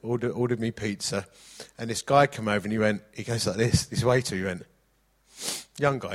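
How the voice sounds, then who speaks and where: A man's voice: on the low side, normal speed. A middle-aged man preaching a sermon, mixing jokey anecdotes with scripture reading.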